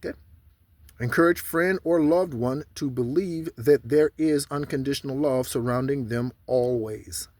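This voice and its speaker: A man giving casual spiritual guidance, rambling in asides and slowly repeating mantras three times over. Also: medium pitch, darkish tone. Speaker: spiritual channeler.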